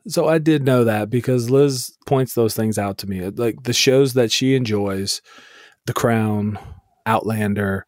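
A man's voice: medium pitch, measured pace, darkish tone, no echo. A man co-hosting a podcast, chatting casually with a dry, teasing humor. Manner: dry, teasing, laughs along. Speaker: podcast co-host. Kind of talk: casual chat.

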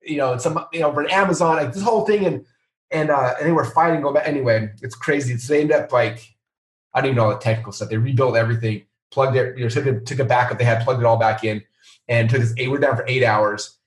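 A middle-aged man, a company founder, telling a story in a casual interview and acting out the people he quotes. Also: fast talker. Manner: animated, acts out quoted voices in a higher pitch. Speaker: founder and CEO of a software company. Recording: roomy sound, a bit off-mic.

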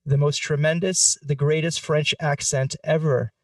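A man's voice: on the high side, steady tone, unhurried, dry recording, far from the mic. A man hosting a podcast, talking in a playful, jokey way. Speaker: podcast host. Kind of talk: casual podcast discussion.

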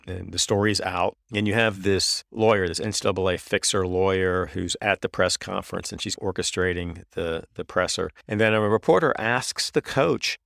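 A man's voice: lowish voice, creaky, a bit bright, dry recording, clean studio sound. A man giving a casual, sarcastic recap of a movie, retelling its scenes and quoting lines with mock emphasis. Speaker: podcast host. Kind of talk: casual film recap and commentary.

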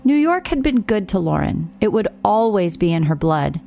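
A woman narrating a true-crime documentary in a measured, scripted storytelling delivery. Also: medium pitch, very animated, vocal fry, warm tone, soft background music.

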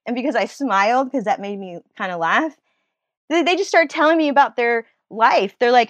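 A woman speaking as a guest in a casual interview, a nurse and writer who talks in an animated, rambling way with frequent laughter and restarts. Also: a little high, normal speed, no echo.

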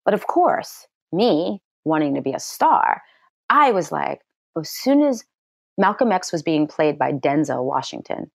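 A middle-aged actress telling a personal story in an interview, animated and acting out what people said in a high, excited voice. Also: female voice, unhurried, vocal fry, dry recording, studio quality. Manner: lively storyteller who acts out quotes in a high excited voice.

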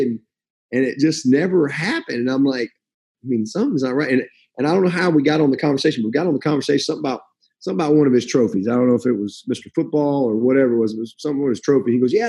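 Mellow husky man telling a story. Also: medium pitch. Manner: animated, acts out quoted voices. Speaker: college football coach. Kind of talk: casual storytelling.

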